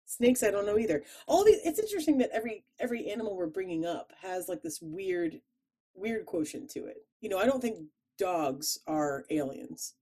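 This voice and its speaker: A woman's voice: medium pitch, big pitch swings, normal speed, mellow, slightly rough. A woman with a Chicago accent co-hosting a podcast, chatting in a playful, rambling way and laughing easily. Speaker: podcast co-host. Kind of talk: casual chat.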